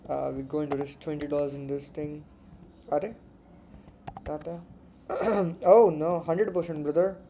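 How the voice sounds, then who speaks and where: A man's voice: on the high side, flat delivery, measured pace, long pauses, dark tone, slight background noise. A man giving casual live commentary while trading forex, muttering and repeating words to himself and swearing freely. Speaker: forex trader streaming live.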